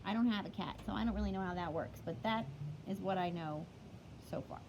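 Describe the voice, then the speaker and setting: A woman's voice: medium pitch, a little fast, darkish tone, a little hiss or hum, poor audio. A woman teacher reading a picture book aloud to children, chatty, stopping to explain words along the way.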